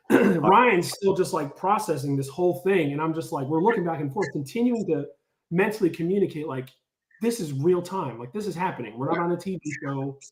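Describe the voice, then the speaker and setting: A man tells a story in a relaxed, chatty way. He speaks in a slightly high voice and acts out the quotes. The room echoes around him. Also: fairly quick, a little hiss or hum. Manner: animated, lots of "like", acts out quotes. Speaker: storyteller on a podcast. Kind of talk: casual storytelling.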